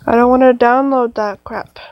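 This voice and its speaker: A woman's voice: on the high side, steady tone, moderate pace, dry recording, highs cut off. A young woman commenting on a horror game as she plays, jumpy and talking to her viewers. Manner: jumpy, exclaiming, talks to viewers. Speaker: gamer.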